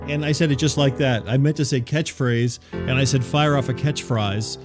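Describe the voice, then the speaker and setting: A man hosting a comedy podcast, telling a rambling story in a deadpan, conversational way. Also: mid-range voice, brisk, over music. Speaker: podcast host and narrator. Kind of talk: comedic monologue.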